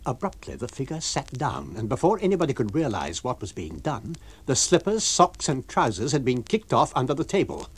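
A man reading a novel aloud for radio, with an expressive, varied storytelling delivery. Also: medium pitch, brisk, husky. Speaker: reader.

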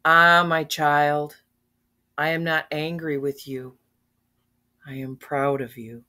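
A kindly old sultan from a children's storybook, gentle with his daughter, as an older woman reads him aloud. The voice is soft and fatherly, low-pitched for a woman, and slow. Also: fairly even intonation, heavily acted.

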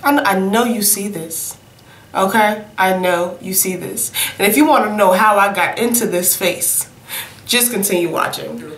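A young female beauty vlogger gives a casual, sassy makeup review, sniffling from a cold and calling her viewers "honey" and "y'all." She speaks at a medium pitch and normal speed, with a fairly bright tone in a reverberant space.

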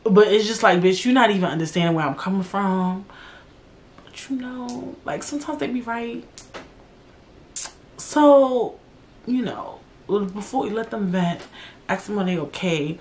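A woman's voice: a little slow, long pauses, slight background noise. Blunt, profane woman podcast host. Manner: blunt, profane, animated with big pitch jumps. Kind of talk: casual solo podcast talk.

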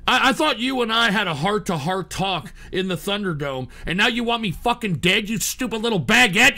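A male radio host with a very high, bright, sharp-edged voice that carries a gravelly rasp. He rants angrily at his callers and chat and cusses through every sentence. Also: animated, normal speed, few pauses. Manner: angry profane ranting, yelling at callers and chat. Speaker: radio show host and streamer. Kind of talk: call-in radio show rant.

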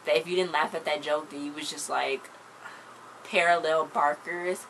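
A woman with a low voice runs through a TV episode in a casual, chatty recap. She fills her sentences with "like" and acts out the scenes as she goes. A faint background hum sits under her voice. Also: fast talker, creaky, low-quality recording. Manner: chatty, full of "like" fillers; animated retelling of scenes. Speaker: show recap host.

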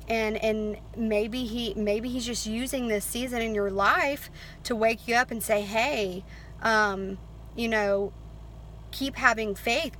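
A young woman with a fairly high, bright voice speaks earnestly and encouragingly about faith, stopping often for fillers and restarts. She reads scripture aloud in a casual devotional manner. A faint hum of ambience sits under her voice. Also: poor audio. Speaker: Christian vlogger.

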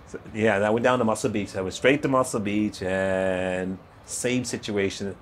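A man in his sixties, a guest in an interview, telling his life story in a lively way, acting out other people's voices and laughing often. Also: on the low side, measured pace, a little hiss or hum. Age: 60s. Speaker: guest, retired bodybuilder.

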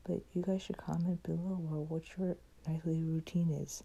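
A woman's voice: sits low, little pitch movement, normal speed, few pauses, dark tone, breathy edge, muffled recording. A young woman chatting casually as a vlogger, often dropping into a whisper. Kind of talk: casual chat.

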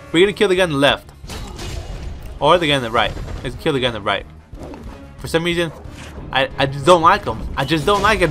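A young man narrates his own gameplay in a fast-shifting, excitable way, egging himself on and mocking his foes. His voice sits a bit high and comes across bright and pushy. Soft music plays faintly behind him. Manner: excitable, talks to himself while playing; trash-talks enemies with mild swearing. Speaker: gaming video host. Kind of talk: let's play commentary. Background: faint background music.

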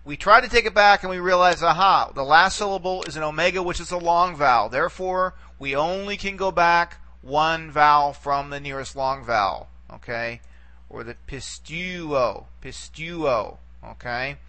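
Patiently repeating words and checking understanding with frequent "okay?" prompts, a Greek teacher delivers a recorded video lecture. His voice is on the high side and sharp, at a normal speed.

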